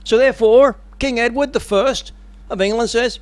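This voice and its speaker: A man preaching a sermon with animated, dramatic storytelling. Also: extremely high pitch, normal speed, dry recording.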